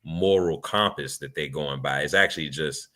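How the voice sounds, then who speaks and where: A low-pitched man with a bright, forceful edge to his voice, holding forth in casual podcast talk. He is blunt and profane and pushes his points hard. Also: moderate pace. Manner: blunt, profane, emphatic with sudden laughs. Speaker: podcast co-host. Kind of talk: casual chat.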